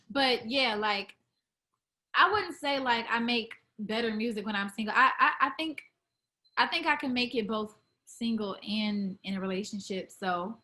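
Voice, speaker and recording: Bright, chatty young woman singer. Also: on the high side, a little slow. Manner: chatty, many fillers and restarts. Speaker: R&B singer, interview guest. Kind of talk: casual interview chat.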